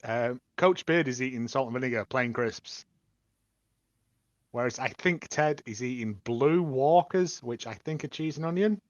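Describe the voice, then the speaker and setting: A man's voice: mid-range voice, measured pace, dry recording. A man co-hosting a casual podcast, talking hesitantly with many fillers. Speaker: podcast co-host. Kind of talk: casual chat. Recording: dull lo-fi mic.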